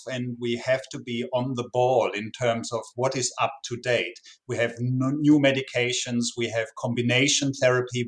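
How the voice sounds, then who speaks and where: Earnest man explaining medicine. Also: mid-range voice. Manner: earnest, repeats words when starting phrases. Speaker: medical expert guest. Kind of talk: podcast interview.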